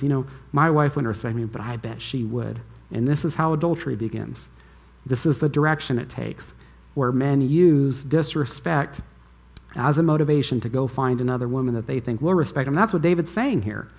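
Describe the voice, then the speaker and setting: A man's voice: a little high, darkish tone. A male pastor giving a conference sermon, preaching with emphasis and asking the audience rhetorical questions. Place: church conference hall.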